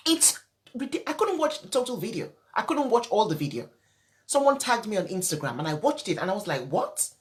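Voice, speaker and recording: Upset, emphatic woman with lively pitch. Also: brisk. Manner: emphatic, repeats key points. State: upset and teary. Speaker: parenting coach. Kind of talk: emotional live-stream talk.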